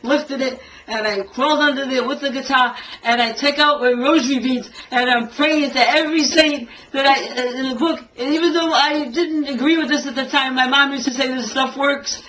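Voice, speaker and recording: An older woman tells a story from her early days as a singer, her voice bright and forward. She is a lively storyteller who acts out each quote and laughs often as she goes, with a faint hiss behind her. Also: high voice, normal speed, hardly any pauses, rough recording. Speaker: singer and tribute artist to a famous singer. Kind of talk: telling a story in an interview.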